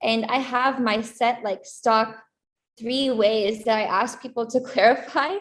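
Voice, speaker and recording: A woman's voice: on the high side, steady tone, a little slow. A woman co-host chatting in an upbeat way and pointing viewers to resources. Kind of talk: casual talk-show chat.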